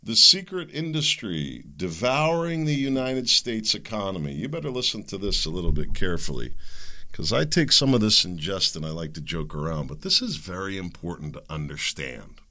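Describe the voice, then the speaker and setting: A man's voice: sits low, very animated, normal speed, bright, forceful tone. A middle-aged man hosting a solo talk show, rambling, joking and opinionated in a conversational way. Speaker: podcast host.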